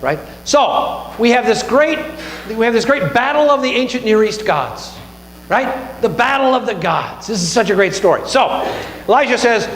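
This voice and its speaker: A man preaching a sermon, retelling a Bible story with lively asides and questions to the room. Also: high-pitched. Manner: animated storytelling with asides like "right?". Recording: echoey hall with faint mains hum.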